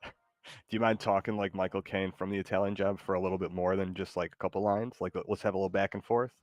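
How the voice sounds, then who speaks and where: A man hosting a live stream in casual, laid-back chat, often hesitant and quick to laugh. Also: sits low, steady tone, no echo, highs cut off. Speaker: streamer host.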